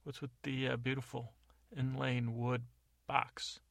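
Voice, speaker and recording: A man's voice: medium pitch, flat delivery, a little slow, vocal fry, fairly bright tone, no room sound, clean studio sound. A man voicing a curious, pushy old-time sidekick who keeps asking about a box. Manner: nosy, distracted.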